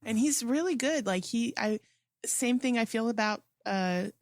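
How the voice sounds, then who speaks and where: A woman's voice: a little high, lively intonation, unhurried, no echo, clean studio sound. A woman co-hosting a movie podcast, talking casually and thoughtfully, often hedging her points. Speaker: podcast co-host.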